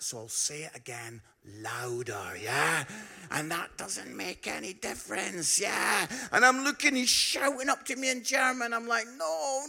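A Scottish man preaching a storytelling sermon, animated, swinging from shouts to hushed tones and often asking the crowd "yeah?". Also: high-pitched, creaky. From Scotland. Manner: frequent tag "yeah?" to the crowd.

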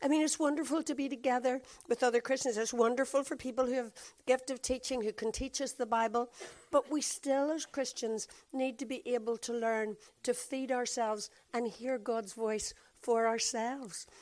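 Hoarse Belfast woman preaching. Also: on the high side, fairly even intonation, normal speed. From Northern Ireland. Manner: earnest, warm teaching tone with fillers. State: hoarse, croaky throat. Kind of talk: sermon.

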